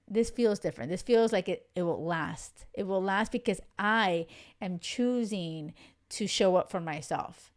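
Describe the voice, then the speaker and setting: A woman's voice: mid-range voice, a little mellow, clear, resonant tone. A woman hosting her own podcast as a dating coach, talking casually and candidly to listeners, heartfelt and full of "like" and "you know" fillers. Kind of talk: casual solo podcast talk.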